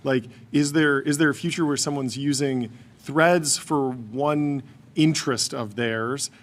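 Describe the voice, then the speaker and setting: A man co-hosting a podcast who asks long questions and jumps in with quick agreement. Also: mid-range voice. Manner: eager, lots of quick agreement. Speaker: podcast co-host. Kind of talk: casual podcast interview.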